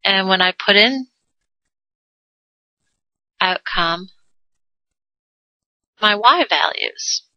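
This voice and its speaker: A woman's voice: mid-range voice, extremely slow, pauses often, sharp tone, dry recording. A woman teaching a math lesson in a playful way, adding silly sound effects and jokes. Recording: dull lo-fi dry recording.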